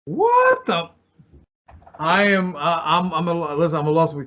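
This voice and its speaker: High-pitched guy telling wrestling road stories, cussing and laughing, kinda muffled lo-fi sound. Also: a little fast. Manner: animated storyteller, swears freely, laughs often. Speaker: podcast guest, former pro wrestler. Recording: muffled lo-fi recording.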